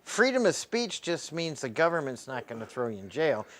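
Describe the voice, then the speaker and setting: A man's voice: on the high side, big pitch swings, normal speed, a bit bright. A man co-hosting a casual political chat who speaks emphatically and with strong opinions. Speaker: co-host.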